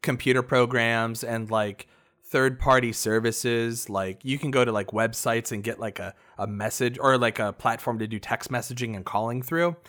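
A man's voice: medium pitch, moderate pace, a bit bright. A man in casual podcast chat, explaining at length in a laid-back way, full of fillers. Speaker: podcast co-host.

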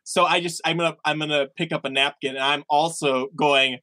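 A man improvising as a player in a tabletop role-play over a call, excitable, playful and rambling. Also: fairly high pitch, brisk, dry recording.

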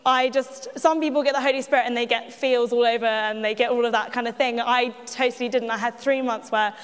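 A woman's voice: fairly high pitch, fairly even intonation, fairly quick, smooth. A woman giving a personal testimony at church, chatty and self-mocking, with frequent laughs and asides to the audience. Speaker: church speaker. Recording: echoey hall.

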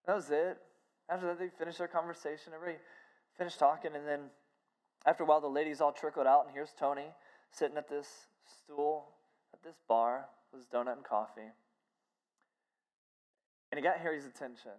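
A woman preacher telling a story in a sermon, narrating in an animated way and acting out every character. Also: low-pitched, a little fast, long pauses.

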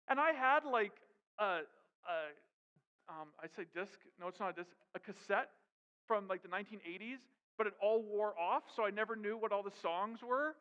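A man's voice: sits high, pushed and bright, clean tone. A man preaching a sermon as pastor, with emphatic rhetorical questions. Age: adult with young daughters. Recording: dull sound with long hall reverb.

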